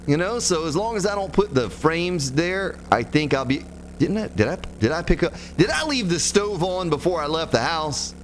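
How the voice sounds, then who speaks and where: Streaming a survival game, a man with a slightly high, expressive voice keeps a moderate pace as he jokes in a folksy way and chats with viewers by name. The let's play streamer's casual commentary has game music behind it and slight background noise.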